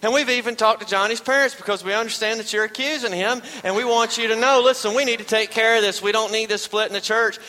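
Worried church deacons, as a preacher puts them on, placating and urgent, in a bright voice. The sound carries through a reverberant hall. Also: male voice, high voice, fairly even intonation, quick pace, hardly any pauses, pitched above the performer's own voice.

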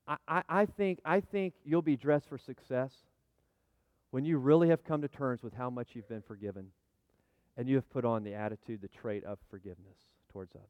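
Middle-aged male pastor, folksy sermon with asides, smooth tone, dry close sound. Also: medium pitch, dry recording, dull audio. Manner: chatty, folksy, full of restarts and asides; jokes with the congregation, calls for amens. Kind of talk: conversational sermon with props.

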